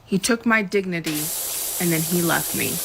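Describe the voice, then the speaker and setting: A woman's voice: fairly low pitch, normal speed, gravelly, noisy background. A woman in her thirties earnestly telling her own story of heartbreak, her voice rising as she relives moments. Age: 30s. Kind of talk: emotional personal storytelling.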